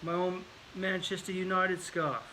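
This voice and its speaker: A man tells a rambling vlog story, attempting an English accent throughout. His voice is bright and slightly high for a man. He repeats words and leans on fillers as he goes. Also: level tone, unhurried, a little hiss or hum, rough recording. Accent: put-on English accent. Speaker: vlogger. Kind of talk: casual storytelling monologue.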